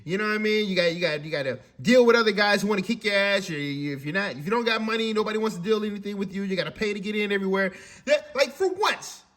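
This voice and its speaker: Man ranting in a high voice, animated, swearing, stumbling over repeated words; casual monologue. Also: fast. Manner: animated, profane, repetitive ranting with stammered restarts. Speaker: commentator.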